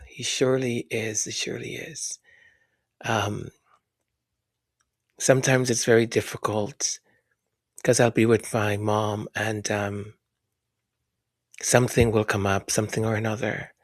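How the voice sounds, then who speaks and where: A man hosting a podcast who reads listener comments aloud, speaking softly and haltingly, often whispering his thanks and sounding moved. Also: fairly low pitch, no echo, clean studio sound. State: moved, emotional. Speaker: podcast host. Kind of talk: casual chat reading listener comments.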